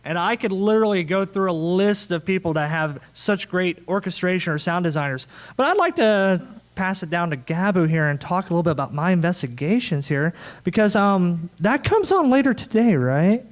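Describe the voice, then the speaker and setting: A man with a notably high voice moderates a fan convention panel. He talks in a loose, rambling way, cracking jokes and laughing as he goes. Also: lively intonation, moderate pace. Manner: jokey, rambling, laughs often. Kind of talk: casual convention panel chat.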